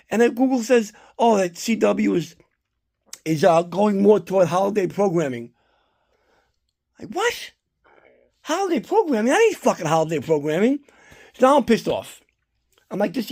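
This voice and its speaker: A man from New Jersey telling a long, rambling story about his holiday routine, swearing often and getting worked up. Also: high voice. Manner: rambling, profane, animated when annoyed. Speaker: collector vlogger. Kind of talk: casual chat, storytelling.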